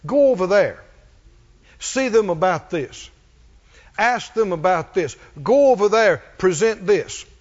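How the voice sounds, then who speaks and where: A man's voice: high-pitched, expressive, measured pace. A man preaching a sermon, repeating phrases and calling for responses from the congregation. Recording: dull audio in a reverberant hall.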